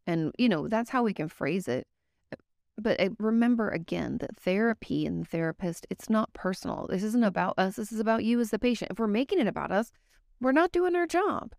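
A woman's voice: mid-range voice, animated, a little fast, gravelly, a little mellow, no room sound, clean studio sound. A woman therapist talking casually and candidly to her viewers, giving advice and now and then swearing. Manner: candid, conversational, occasionally swears.

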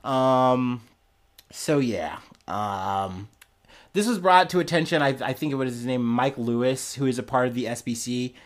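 A man's voice: mid-range voice, measured pace. Blunt, profane man hosting a podcast. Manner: blunt, profane and animated, with frequent laughs. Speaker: podcast host. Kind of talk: casual solo news commentary.

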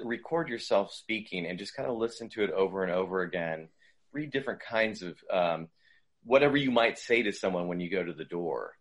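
Acting as a guest voice coach, a man with a voice on the low side gives advice conversationally, rambling loosely with plenty of fillers and false starts.

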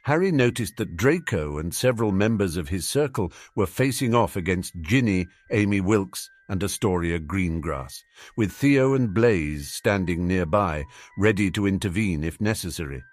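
A man narrating a fan fiction audiobook with an expressive reading. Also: sits low, normal speed, no room sound.

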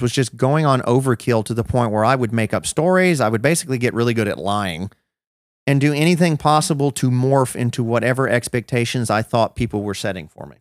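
In a podcast interview, a man with a medium-pitched voice tells his own story as a guest. He is reflective and self-deprecating and keeps restarting, in a dry, studio-quality recording.

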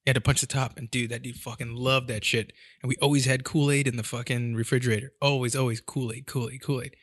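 A laid-back man, talking in a loose, rambling way with a steady swear word and a "dude" in almost every sentence. His pitch sits at an ordinary middle, and the sound is dry and close. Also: quick pace, no echo. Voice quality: swears constantly, lots of likes and dudes. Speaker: podcast host. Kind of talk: casual chat.

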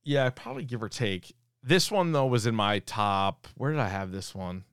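A man co-hosting a podcast, retelling comedy sketches with animated energy and casual swearing. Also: lowish voice, moderate pace, clear, resonant tone, no room sound, clean studio sound. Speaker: podcast co-host. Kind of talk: casual chat.

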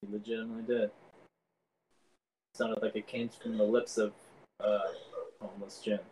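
A man's voice: on the low side, flat delivery, moderate pace, mellow, slight background noise, low-quality recording. A man co-hosting a podcast, telling a story in casual chat with a teasing, joking manner. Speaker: podcast co-host.

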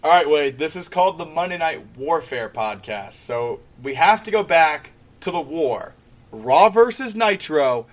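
A man co-hosting a chatty podcast, his voice slightly higher than most. He recaps events animatedly and often breaks into laughter. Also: animated, a little slow. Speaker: podcast co-host. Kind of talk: casual chat recapping wrestling shows.

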